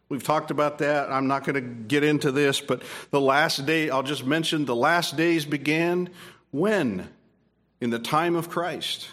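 Man, high-pitched, preaching, emphatic, repeats phrases, quiet asides. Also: measured pace. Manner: repeats and restarts phrases, asks the room questions. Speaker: pastor. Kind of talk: expository sermon.

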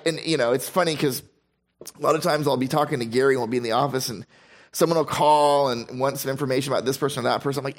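A male pastor preaching a Bible sermon, slowing down to stress key phrases and mixing in casual, humorous asides. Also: mid-range voice, fairly even intonation.

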